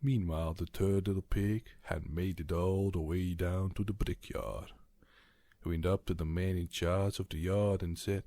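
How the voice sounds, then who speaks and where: A man reading a bedtime story aloud in a calm, soothing, soft-spoken ASMR manner. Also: low voice, dry recording.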